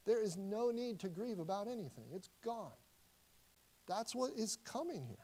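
A man, a pastor, preaching a sermon in a conversational way, with frequent restarts and slow, emphatic lines. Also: sits high, big pitch swings, mellow, low-quality recording.

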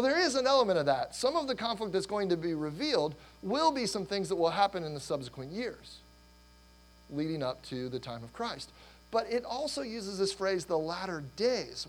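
A middle-aged pastor preaches with animated energy, wandering off into stories and laughing as he talks. His voice sits a little high for a man and is going hoarse from use, and a faint electrical hum runs underneath. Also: rough recording. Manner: animated, rambling with restarts and laughter. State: losing his voice. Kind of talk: sermon.

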